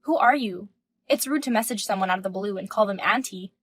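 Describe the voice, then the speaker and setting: A woman's voice: medium pitch, fairly quick, a bit bright, slightly rough, no echo, pitched below the performer's own voice. A woman in her thirties voicing a composed, indignant wife in a text-message story, firm and questioning. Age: 30s.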